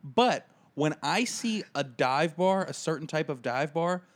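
A man's voice: a little high, lively intonation, a little slow. A man co-hosting a casual comedy podcast, joking and riffing between his anecdotes. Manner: jokey, riffs into silly bits. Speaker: podcast co-host.

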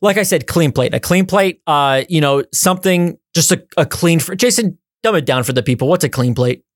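A man's voice: a little high, lively intonation, dry recording, studio quality. A young man co-hosting a podcast, chatting casually in a boastful, filler-heavy way. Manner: fast, boastful, lots of "like" fillers. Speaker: podcast co-host. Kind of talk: casual chat.

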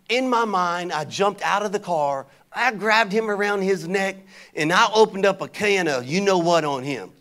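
Male pastor, high voice, animated sermon with call-and-response and casual anecdotes. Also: normal speed. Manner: conversational storytelling.

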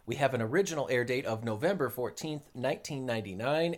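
A man's voice: medium pitch, lively intonation, fast talker. Young man, podcast co-host, casual chat, joking, laughs a lot. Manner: joking, laughs often, jokingly puts on a drawl.

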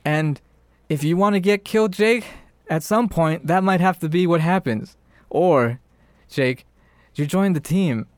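A man voicing a small, scheming killer doll who talks about killing in a calm, matter-of-fact way while retelling a show. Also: on the high side, a little slow, no room sound, pitched above the performer's own voice, lightly acted. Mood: menacing. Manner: matter-of-fact menace, offhand justifying of killing. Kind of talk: casual retelling of a show with put-on voices.

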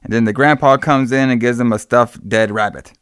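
Easygoing man with a smooth, resonant voice who rambles through a movie recap, full of fillers and swearing. The sound is dry and close. He speaks at a mid pitch. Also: steady tone, brisk, a bit bright, no room sound. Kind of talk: casual movie recap chat.

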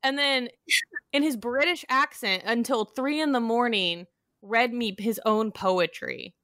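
A woman's voice: a little high, unhurried, a bit bright, no room sound. A young woman co-hosting a podcast, telling a dating story in a casual, chatty way full of fillers. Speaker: podcast co-host. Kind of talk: casual chat.

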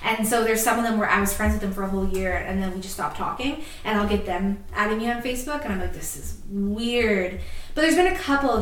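A woman co-hosting a podcast in casual chat, telling stories with fillers and quick laughs. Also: mid-range voice, roomy sound, recorded from a distance, rough recording. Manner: chatty, laughs often, many fillers. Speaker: podcast co-host.

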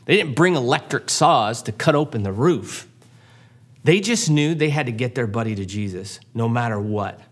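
A man preaching a sermon in a lively, conversational way, acting out characters' lines in quick asides. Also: mid-range voice, husky. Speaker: pastor.

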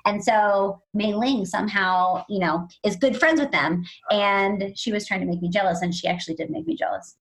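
A woman co-hosting a podcast, telling stories in a casual, animated way and acting out the people she quotes. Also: mid-range voice, moderate pace, hardly any pauses, low-quality recording. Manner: animated storyteller, acts out quoted voices. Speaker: podcast co-host.

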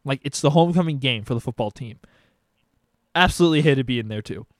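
A young man casually telling crude stories on a podcast, animated and profane. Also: mid-range voice, fairly quick, no echo. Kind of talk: casual storytelling chat.

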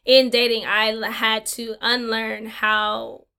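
A woman's voice: on the high side, flat delivery, slow pace, vocal fry, sharp tone, clear, resonant tone. A young woman co-hosting a casual podcast, laughing often and talking in a playful way. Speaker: podcast co-host. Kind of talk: casual chat.

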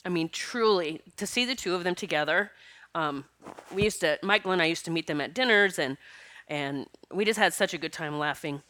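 A woman's voice: on the low side, a little fast, sharp tone. A middle-aged woman hosting a casual spiritual podcast, tearful and sniffling, talking in an emotional, rambling way with bursts of laughter. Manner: emotional, rambling, breaks into laughter between tears. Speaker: podcast host.

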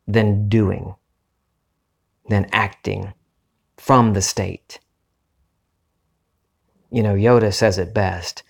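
A middle-aged man hosting a podcast, talking in a calm, earnest and unhurried way about spiritual ideas. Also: fairly low pitch, creaky. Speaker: podcast host. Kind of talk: reflective spiritual talk.

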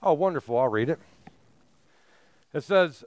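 A man preaching a sermon as pastor, emphatic, building to forceful peaks on key phrases. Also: a little high, animated, a little slow, clear, resonant tone, no echo.

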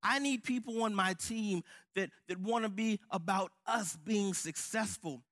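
A man's voice: sits high, a little slow, fairly bright tone. A man preaching a sermon with fervent, building emphasis. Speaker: pastor.

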